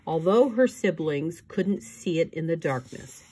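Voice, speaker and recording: A woman's voice: low-pitched, lively intonation, unhurried, dark tone, slightly rough. A woman reading a children's novel aloud, narrating and changing her voice for each character. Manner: reads all parts, voices shifting between characters. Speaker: reader. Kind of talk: audiobook reading.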